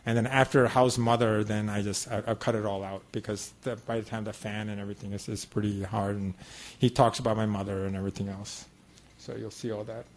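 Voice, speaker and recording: A man's voice: on the low side, flat delivery, a little fast, noisy background. A man giving a talk to an audience at a devotional center, telling a personal story in a conversational, meandering way with many asides. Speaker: guest speaker at a devotional center.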